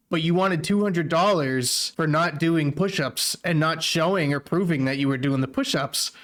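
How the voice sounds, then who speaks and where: A man's voice: on the high side, fairly bright tone. A man hosting a reaction video, adding sarcastic, mocking commentary.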